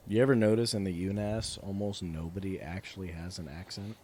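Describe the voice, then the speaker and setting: A man from Florida gives his blunt opinions in a casual podcast chat. His voice is very deep. A faint noise sits under his speech. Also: fairly even intonation, fairly quick, warm tone. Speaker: podcast co-host.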